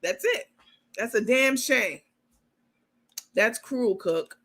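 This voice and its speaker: A blunt, sassy woman hosting a live stream, swearing freely and talking straight to her viewers. Her voice is bright and forceful, and she reads viewer comments aloud between her remarks. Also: fairly high pitch, big pitch swings, slow. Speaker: host of a live gossip commentary show.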